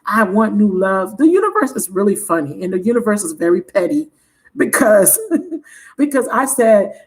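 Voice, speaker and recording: Speaking at a normal speed in a medium-pitched, sing-song voice, a tarot reader hosts her channel's livestream. She chats frankly and animatedly, swears freely and laughs a lot, all on poor audio.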